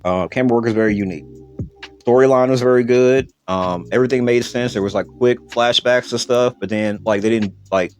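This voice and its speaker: Fast-talking man ranting about movies. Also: medium pitch, soft background music. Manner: rambling, emphatic, swears casually. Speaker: podcast host and film reviewer. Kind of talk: casual movie review rant.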